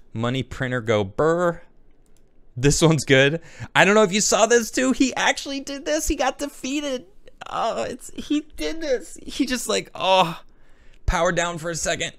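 A male host talks casually through a pile of memes, rambling and thinking out loud as he goes. His voice sits at a middle pitch for a man. The recording is close and dry, with no room sound at all. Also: clean tone, dry recording. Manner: rambling, chatty, thinks aloud. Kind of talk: casual commentary, reacting to memes.

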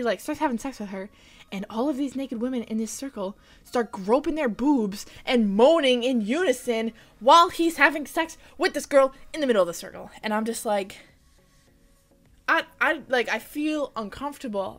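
A young woman giving an animated, casual movie recap, full of "like" and blunt, incredulous asides. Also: a little high. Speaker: vlogger.

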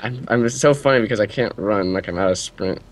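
A young man chatting with a friend over co-op gameplay, excitable and jokey. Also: lowish voice, fairly quick, background noise. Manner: excitable, jokey, laughs a lot. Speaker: gamer. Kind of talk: casual co-op gaming commentary.

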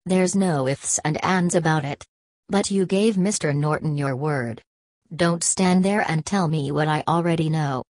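A woman's voice: low-pitched, unhurried, darkish tone, dry recording. A woman reading a scornful old college president. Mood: stern. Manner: lecturing, contemptuous, domineering. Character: imperious older male college president, scornful.

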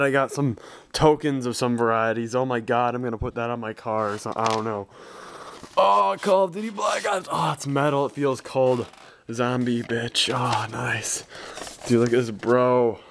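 A young man filming an excited unboxing vlog, swinging from shrieks of joy to hushed murmurs. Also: medium pitch. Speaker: gaming YouTuber. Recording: noisy home recording.

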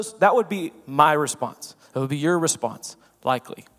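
A man preaching a sermon as pastor, swinging between loud emphasis and hushed asides and asking the room rhetorical questions. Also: fairly high pitch, animated, normal speed, few pauses. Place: church sanctuary. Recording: long reverb of a church hall.

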